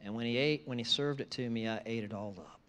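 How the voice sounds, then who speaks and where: A man preaching a sermon, moving from conversational asides to loud, emphatic repeated phrases. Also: mid-range voice, fast talker, a little hiss or hum. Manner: conversational asides between scripture lines. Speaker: pastor.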